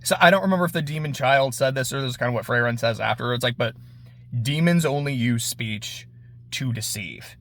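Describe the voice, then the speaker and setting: A man's voice: mid-range voice, a bit bright, no echo. Casual man recapping an anime. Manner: laid-back, swears, acts out characters in quick voices. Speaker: anime reviewer. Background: lawnmower.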